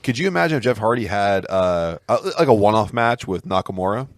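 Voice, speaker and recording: A man's voice: fairly low pitch, animated, a little fast, no room sound. A man co-hosting a podcast, casually recapping a wrestling match with fillers and laughs. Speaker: podcast co-host.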